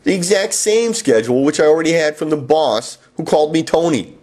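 A man's voice: a little high, lively intonation, brisk, darkish tone. A man reading his own first-person memoir in a wry, sardonic way. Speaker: author and narrator.

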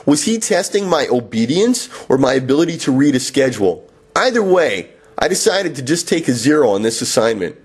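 A man's voice: mid-range voice, big pitch swings, fairly quick, few pauses, breathy edge. A man reading his own first-person memoir in a wry, sardonic way. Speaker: author and narrator.

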